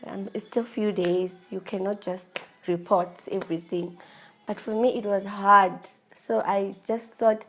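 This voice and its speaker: A woman's voice: mid-range voice, steady tone, a little slow, fairly bright tone. A South African woman in her thirties, emotionally confiding a personal story with frequent restarts. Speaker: vlogger.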